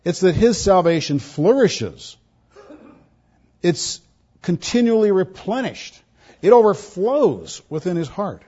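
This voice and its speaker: A man's voice: high-pitched, sing-song, takes it slowly, warm tone, breathy edge. A man preaching a sermon as a pastor, stressing points by repeating words. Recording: dull lo-fi recording.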